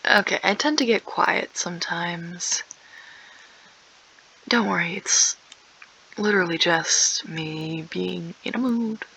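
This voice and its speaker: A young woman talks through her game in a sarcastic, rambling way, often sinking into soft near-whispers. Her voice is husky, with creaky fry, yet bright in tone. She speaks slowly and unhurriedly. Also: on the low side, low-quality recording. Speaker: gaming YouTuber. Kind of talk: casual game commentary.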